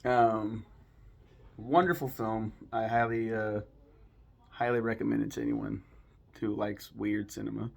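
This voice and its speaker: Man, casual film review, gravelly fry, rambling, swears a lot, filler-heavy talk. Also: on the low side, lively intonation, unhurried, pauses often.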